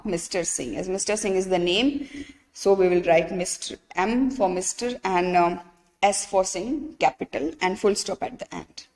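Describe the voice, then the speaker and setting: Indian woman teaching in an echoey hall. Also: medium pitch. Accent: Indian English. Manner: patient, explains step by step, checks with "right?". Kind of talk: online English lesson.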